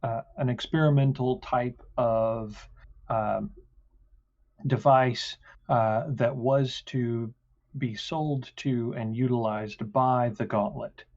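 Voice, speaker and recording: A man narrating a tabletop game as game master, pausing often with fillers. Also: medium pitch, steady tone, darkish tone. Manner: halting, many fillers. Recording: dull lo-fi sound.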